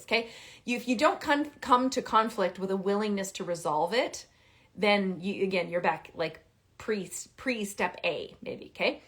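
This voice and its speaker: A woman giving parenting advice in a live stream, talking emphatically and repeating key phrases, with big jumps in pitch and loudness. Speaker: parenting coach.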